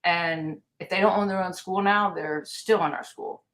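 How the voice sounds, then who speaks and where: A woman's voice: on the low side, normal speed. A middle-aged American woman, a taekwondo master and podcast guest, telling stories with energy and acting out the lines of people she quotes. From United States. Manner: lively storyteller, acts out quoted lines. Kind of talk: storytelling in a podcast interview.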